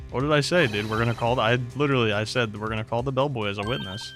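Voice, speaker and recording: A man's voice: medium pitch, racing, hardly any pauses, a bit bright, soft background music. A man doing casual gameplay commentary, cracking jokes and sounding exasperated at the game. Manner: joking, exasperated asides. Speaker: gaming YouTuber.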